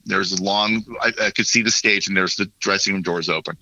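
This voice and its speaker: A man in his fifties, a podcast guest, telling a long personal story with lively acted-out quotes. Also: deep voice, a little fast, no echo, muffled recording. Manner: animated anecdote-telling, acts out quoted voices. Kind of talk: casual storytelling conversation.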